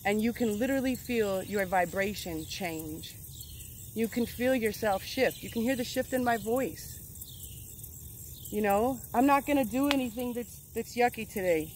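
High-voiced woman giving outdoor affirmations. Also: a little slow, a little hiss or hum. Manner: earnest, affirming, emphatic. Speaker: well-being coach. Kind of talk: casual motivational vlog. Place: outdoors in nature with birds.

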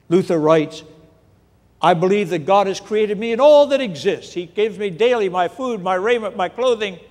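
High-voiced pastor preaching in a reverberant church. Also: male voice. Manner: dramatic, emphatic scripture retelling. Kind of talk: sermon. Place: large church sanctuary.

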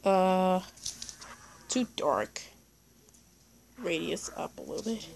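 A woman giving excitable let's play commentary, talking to the animals in her game as she plays. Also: fairly low pitch, slow, vocal fry, slight background noise, poor audio. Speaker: gaming YouTuber.

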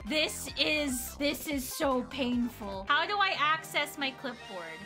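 Excitable high-voiced woman streaming a game. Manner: excitable, thinking aloud, counting under her breath. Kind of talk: live game stream chat. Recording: background music under voice.

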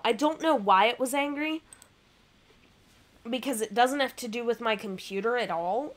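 A woman's voice: mid-range voice, a bit bright. A young woman, chatting casually with her live-stream audience from home, laughing often and poking fun at herself. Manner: bubbly, laughs often, chatty and self-deprecating. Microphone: webcam and computer mic.

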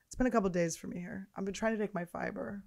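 Fast-talking woman telling crude stories. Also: mid-range voice, vocal fry, a little mellow. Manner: profane, laughing storyteller. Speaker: podcast host. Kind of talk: casual comedic chat.

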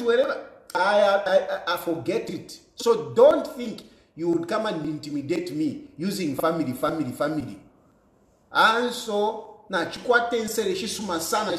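A man's voice: high voice, roomy sound. A man hosting a call-in show, angrily ranting at a caller, repeating himself, defiant, laughing in between. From Zambia. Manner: angry, repetitive, defiant, laughs between lines. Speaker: show host. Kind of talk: heated call-in show rant.

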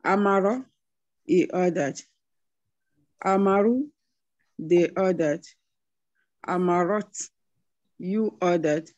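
Slow, careful woman student reciting. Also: on the low side, darkish tone, no echo, highs cut off. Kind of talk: reciting a verb drill.

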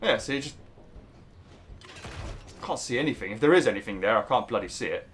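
A man's voice: medium pitch, animated, fairly quick, a bit bright, a little hiss or hum. A man giving rambling, casual commentary over a video game, swearing and laughing easily. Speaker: gaming YouTuber.

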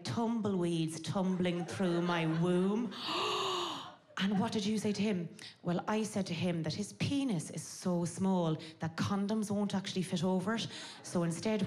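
A woman in her thirties with an Irish accent, performing bawdy stand-up comedy on a stage. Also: on the low side. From Ireland. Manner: brash, bawdy, animated storytelling. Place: theatre stage.

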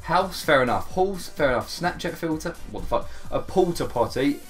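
A young man doing casual gameplay commentary, swearing often and quick to get exasperated and mock himself. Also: a little high, animated, faint music behind. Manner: swears a lot, quick to exasperation, self-mocking. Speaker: gaming YouTuber.

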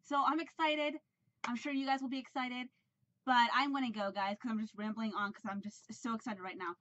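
Excited rambling woman vlogger, lo-fi. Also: a little high, a little fast, dry recording. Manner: excited and rambling, many fillers and restarts. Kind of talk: casual vlog unboxing.

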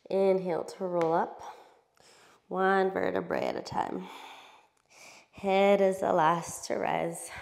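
Woman yoga teacher, mid-pitched voice, steady breath cues, roomy sound. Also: vocal fry. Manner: calm, slow cueing of breath and poses. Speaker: yoga instructor. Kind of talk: guided yoga class instruction.

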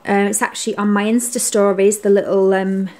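A woman's voice: medium pitch, level tone, fairly quick, a little mellow, a little hiss or hum. A young woman chatting casually to camera in an upbeat vlog about her home and Christmas tree, with lots of ums. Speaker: lifestyle vlogger. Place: home living room. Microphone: camera mic. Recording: roomy home room.

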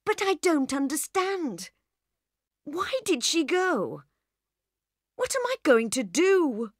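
A woman's voice: high-pitched, big pitch swings, slow pace, dry recording, clean studio sound, pitched above the performer's own voice, heavily acted. A woman reading aloud and voicing an upset young husband who pleads in disbelief. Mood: distraught.

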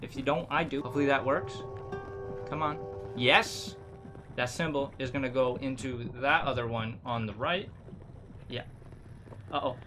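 A man commentating a horror game as he plays, jumpy and swearing, shouting when scared. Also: mid-range voice, moderate pace, pauses often, music in the background. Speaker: gaming video creator.

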